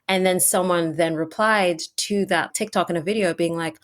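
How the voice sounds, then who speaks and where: Chatty woman podcast host, lower voice. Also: moderate pace. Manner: chatty, frequent "like" fillers, speeds up when excited. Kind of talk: casual interview conversation.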